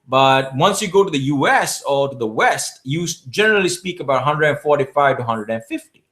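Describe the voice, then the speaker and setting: This public speaking champion from South Asia takes viewer questions live, offering forceful coaching advice and repeatedly restarting his phrases. He talks fairly quickly in a medium-pitched, slightly bright voice with lively intonation.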